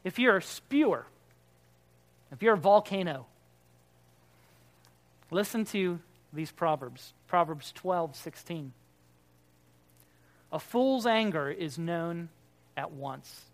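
Speaking slowly and expressively at a medium pitch, this pastor pauses often through a conversational sermon. He poses rhetorical questions to his listeners and performs the remarks people make, in character.

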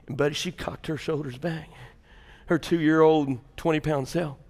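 An older man, preaching a sermon in a church with folksy storytelling, going from loud and animated to hushed and intense. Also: fairly high pitch, normal speed, in a large hall. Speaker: pastor.

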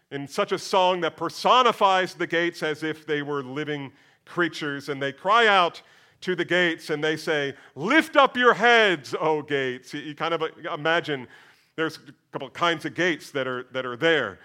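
A man preaches with a bright, ringing tone that sits a little above the usual male range. He drops to a near hush when musing, then swells and stretches his words when he recites scripture aloud. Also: normal speed, clear, resonant tone. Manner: swings from hushed to booming when reciting scripture; addresses listeners as beloved. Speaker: pastor. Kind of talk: sermon.

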